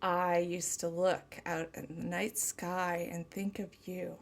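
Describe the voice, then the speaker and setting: A woman tarot reader speaking a channeled message slowly and tenderly, close to tears. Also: lowish voice, flat delivery. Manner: slow, tender, emotional. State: tearful.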